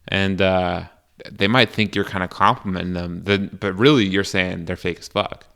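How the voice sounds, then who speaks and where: Crude rambling young man, low bright voice. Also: moderate pace. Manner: rambling and crude, full of fillers and restarts. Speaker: podcast host. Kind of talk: casual solo podcast monologue.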